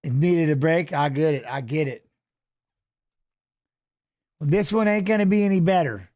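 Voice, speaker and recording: A man's voice: a little high, normal speed, a little mellow. A man casually commenting on a fight as he watches along, rambling and swearing while telling stories between the action. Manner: rambling, profane, restarts and fillers.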